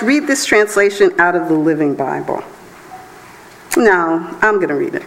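A woman church elder preaching a sermon in a conversational, animated way, often breaking into laughs. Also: medium pitch, slow, long pauses, a little hiss or hum, low-quality recording.

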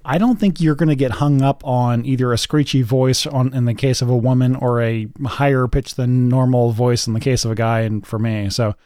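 A man's voice: mid-range voice, fairly even intonation, moderate pace, few pauses, a little mellow, clear, resonant tone, no room sound. A man co-hosting a podcast in casual chat, rambling with frequent restarts. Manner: rambling, many restarts, dry quips. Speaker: podcast co-host and audio editor.

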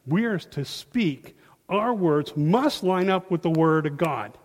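A man giving an informal, animated sermon, acting out quotes in a folksy way, on a handheld mic in a church hall. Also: on the high side, takes it slowly. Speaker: lay preacher. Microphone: handheld microphone. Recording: long reverb of a hall.

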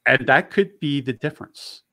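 A man's voice: medium pitch, expressive, normal speed, pushed and bright, no echo, studio quality. Casual, rambling man. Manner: casual, rambling, self-correcting. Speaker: firearms dealer. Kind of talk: casual podcast conversation.

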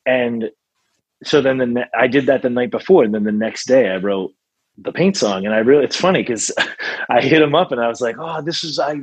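A man's voice: medium pitch, a little fast, slightly rough, no room sound, poor audio. A male songwriter as a guest in a casual interview, rambling with many fillers and restarts.

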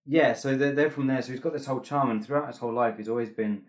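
A man's voice: medium pitch, fast. A young man from England, a comedian guest, chatting casually in an interview and rambling with many restarts and fillers.

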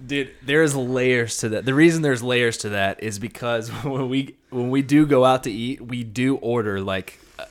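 A man's voice: mid-range voice, moderate pace. A man co-hosting a podcast in casual chat, dropping short, dry, teasing remarks. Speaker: podcast co-host.

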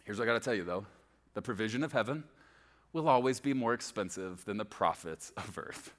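Animated, bright-voiced male preacher. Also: fairly low pitch, a little fast. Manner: animated, storytelling preacher with asides. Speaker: pastor. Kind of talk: sermon.

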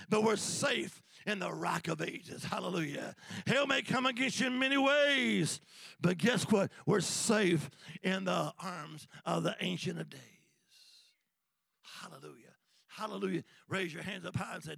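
High, gravelly shouting evangelist man. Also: lively intonation, moderate pace, no room sound. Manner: rhythmic call-and-response preaching, swings between shouting and hushed whispers. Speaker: evangelist preacher. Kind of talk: sermon. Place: church sanctuary.

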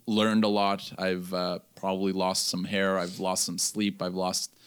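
A young man casually telling a story on a podcast, animated and jumping higher for the voices he quotes. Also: a little slow, clean tone.

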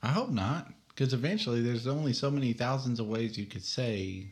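A man co-hosting a podcast, bantering with quick jokes and interjections. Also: mid-range voice, lively intonation. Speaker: podcast co-host. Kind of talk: casual chat.

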